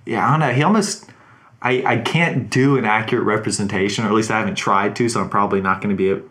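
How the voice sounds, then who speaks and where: A man's voice: lowish voice, fast talker, a bit bright. A man co-hosting a podcast, chatting casually about a movie, hedging and restarting his sentences. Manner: hesitant, hedging, many restarts. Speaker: podcast co-host.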